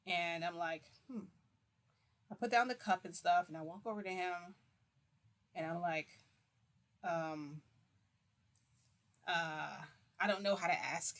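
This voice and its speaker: A woman's voice: lowish voice, slow pace, pauses often, a bit bright. A woman telling a long personal story in a casual, rambling way, constantly switching into quotes with "I'm like" and "he's like.". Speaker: vlogger recounting a reality-shifting experience.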